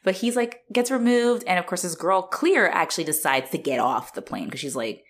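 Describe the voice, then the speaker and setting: A woman's voice: on the low side, a little fast. A young woman casually recapping a movie on a podcast, swearing freely and laughing often. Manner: profane, animated, laughs often. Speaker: podcast co-host.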